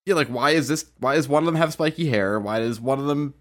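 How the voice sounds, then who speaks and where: A man's voice: mid-range voice, quick pace. A man co-hosting a casual podcast who talks in a wry, joking way. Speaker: podcast co-host.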